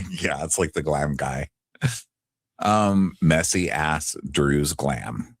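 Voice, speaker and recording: A man's voice: very deep voice, very slow, husky, no echo, clean studio sound. A man co-hosting a podcast in casual chat, blunt and sarcastic, swearing casually. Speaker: podcast co-host.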